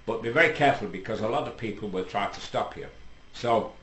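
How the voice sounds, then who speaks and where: A man's voice: lowish voice, a little fast, a bit bright. A British man telling a long comic shaggy-dog story on stage, rambling with many ums and restarts. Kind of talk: stand-up joke telling. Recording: echoey room, faint noise.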